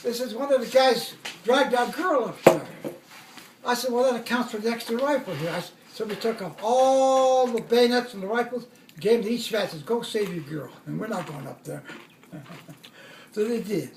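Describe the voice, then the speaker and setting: High-voiced old man telling war stories. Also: normal speed, reverberant, far from the mic, slight background noise. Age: older. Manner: rambling, self-correcting, chuckles at own jokes. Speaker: war veteran. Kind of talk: oral history storytelling.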